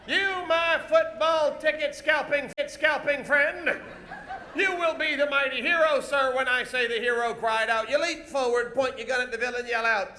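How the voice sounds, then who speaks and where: Guy with a really high voice yelling jokes at audience volunteers, echoey venue, crowd and music behind. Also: steady tone, moderate pace, a little hiss or hum. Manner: loud, teasing, hollering stage patter. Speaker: comedy show host. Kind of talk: live audience-participation comedy. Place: live comedy stage before an audience.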